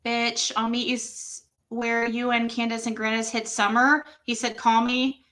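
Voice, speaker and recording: A woman's voice: a little high, level tone, measured pace, pushed and bright. A woman hosting a livestream, reading text messages aloud and reacting to them with exclamations and laughter. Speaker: livestream host.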